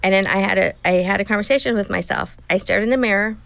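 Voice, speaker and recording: A woman's voice: medium pitch, fast, vocal fry, a bit bright, no echo. A middle-aged woman, a guest, telling a personal story in an earnest, emotional way and acting out what she told herself. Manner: emotional, earnest storytelling with acted self-talk. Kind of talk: personal story in a casual interview.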